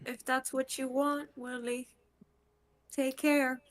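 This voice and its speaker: A man putting on a high, gentle farewell voice. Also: flat delivery, slow pace, exaggerated voice. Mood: tender.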